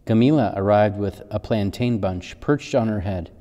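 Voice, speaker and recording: A male pastor giving a children's sermon, reading a storybook gently and unhurriedly. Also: lowish voice, moderate pace, big-room sound.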